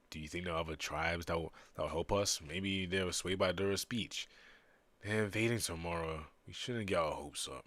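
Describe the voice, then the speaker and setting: A man's voice: deep voice, fairly bright tone, no echo. A man on a casual stream reading comic panels aloud and reacting to them as he goes. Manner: reads panels aloud with quick reactive commentary.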